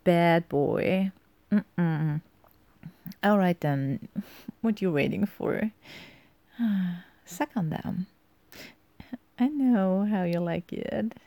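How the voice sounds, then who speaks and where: Slow, gravelly German-accented woman teasing. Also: lowish voice, warm tone, no echo. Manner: teasing, giggly, often drops to a whisper. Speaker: audio role-play performer. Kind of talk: flirty audio role-play.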